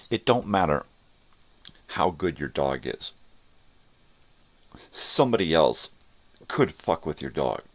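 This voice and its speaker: A man's voice: very deep voice, sing-song, slow pace, long pauses. An older man hosting his own morning vlog, ranting bluntly and with heavy profanity. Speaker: vlogger.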